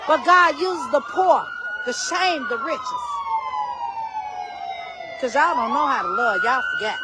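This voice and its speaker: A woman, livestreaming from a city street at night, loud, preachy and rambling. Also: high-pitched, expressive, slow pace. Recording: noisy street with sirens and crowd. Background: crowd and sirens.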